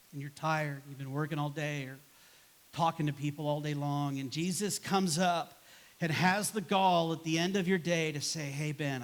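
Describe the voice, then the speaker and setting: A man preaching a sermon as pastor in a church, casual and conversational, acting out grumbling replies to make his points. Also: on the high side. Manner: conversational, acts out quoted voices with a sigh and grumble.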